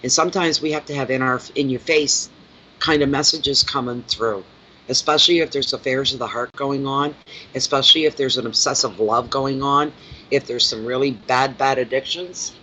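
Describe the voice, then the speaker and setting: He's a tarot reader chatting on a live stream, his mid-range voice steady, bright and forceful at normal speed. Between rambling asides he talks to his cat in fond baby talk. The recording is muffled and lo-fi, with faint noise.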